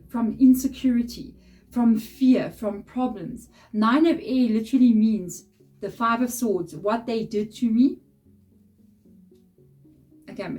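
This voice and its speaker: A woman talks through a tarot reading in a loose, conversational way, speaking bluntly to her viewers and laughing often. Her voice is warm and mellow at a middle pitch. Soft music plays faintly underneath. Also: normal speed. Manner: chatty, direct, laughs often. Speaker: tarot reader. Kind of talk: casual tarot reading to camera. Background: soft background music.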